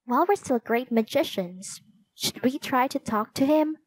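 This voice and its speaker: A woman's voice: high-pitched, animated, moderate pace, no echo, voice pushed up. A woman voicing an eager, cheerful young girl magician. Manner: bright and eager.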